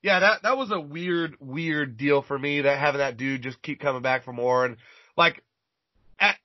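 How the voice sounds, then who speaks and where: Over a dull lo-fi recording with no room sound, a man with a fairly high voice, at moderate pace, rambles through a crude, profanity-filled story in casual conversation, repeatedly stumbling over words.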